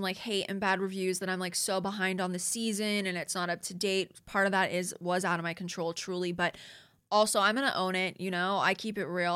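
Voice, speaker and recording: A woman's voice: fairly low pitch, fairly bright tone. A young woman with a Los Angeles Valley Girl accent, hosting a casual solo podcast, chatty and full of "like" and "you guys". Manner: chatty, frequent "like" and "you guys", laughs often, swears casually. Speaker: podcast host.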